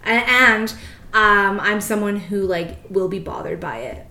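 A woman's voice: medium pitch, a little slow, pushed and bright, echoey room. A woman in her late twenties, a podcast host, chatting casually with many fillers. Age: late 20s. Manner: chatty, lots of fillers and likes, laughs easily. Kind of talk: casual chat.

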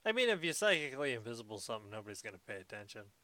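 A man's voice: medium pitch, big pitch swings, racing, bright, forceful tone, dry recording. A man casually recapping a movie with a friend, laughing often and jumping in with mock outbursts. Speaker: podcast co-host.

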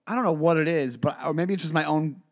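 40s guy comic on a podcast, kinda high voice, lively storytelling, cusses a lot. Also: fast. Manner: animated, swearing, many restarts. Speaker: comedian and podcast co-host. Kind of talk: casual chat, storytelling.

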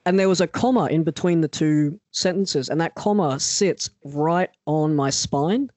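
A man telling a personal story in casual chat as a podcast co-host, animated and acting out the people he quotes. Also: a little high, a little slow, dry recording. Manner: animated, acts out quoted voices.

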